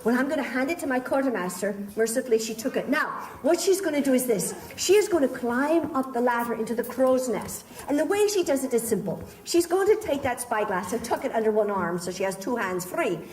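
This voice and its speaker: A woman's voice: on the high side, expressive, brisk, few pauses, darkish tone. A woman performer leading a live audience through a pirate-themed participation show, theatrical and doting, calling her volunteers love and darling. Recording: echoey room from a distance, faint crowd and noise.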